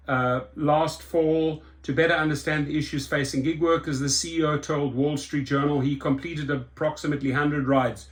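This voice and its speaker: A man hosting a rideshare talk show, reading a news article aloud and reacting to it with indignant, sarcastic commentary, often repeating and restarting words. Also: medium pitch. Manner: indignant, exasperated, with sarcastic asides.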